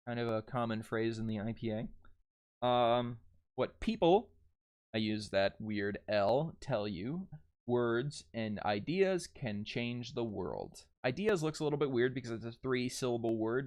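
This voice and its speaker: A young man giving a casual video lesson on phonetics and dialects, relaxed and chatty, with fillers and restarts. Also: medium pitch. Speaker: dialect coach.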